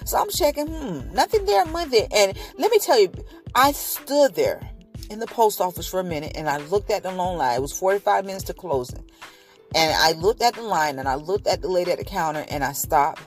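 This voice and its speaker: A woman's voice: fairly low pitch, expressive, fairly quick. Earnest woman vlogger, faint music behind. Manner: earnest and emotional, often repeats herself. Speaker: vlogger sharing a faith testimony. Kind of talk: casual spoken testimony.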